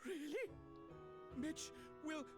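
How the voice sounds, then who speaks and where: Brief: a timid game creature, high and very slow, music loud behind. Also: female voice, expressive, exaggerated voice. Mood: grateful. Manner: slow, childlike third-person speech. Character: gentle shy creature speaking of himself in third person.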